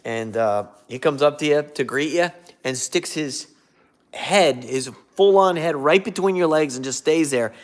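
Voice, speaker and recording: A man's voice: a little high, measured pace. A man hosting a casual livestream, rambling and losing his train of thought while he reads out viewer comments and thanks them. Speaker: livestream host.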